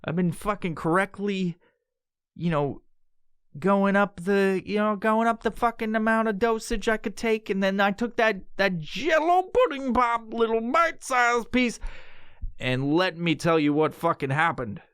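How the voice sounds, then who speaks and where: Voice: medium pitch, a little slow, fairly bright tone, smooth, no echo, studio quality. A podcast host telling a story in casual, profane talk, acting out the quotes with yelps and laughs.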